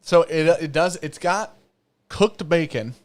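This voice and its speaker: A man's voice: a little high, animated, a little slow. Profane joking male whiskey host. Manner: profane, joking, reads chat comments aloud. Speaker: show host. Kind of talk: casual live-stream chat while tasting whiskey.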